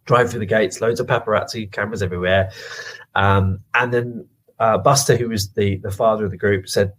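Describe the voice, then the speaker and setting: A middle-aged man from England, a guest in an interview, telling lively anecdotes and acting out the voices of people he quotes. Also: fairly low pitch, brisk, rough recording. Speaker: guest, music producer. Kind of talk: storytelling interview answers.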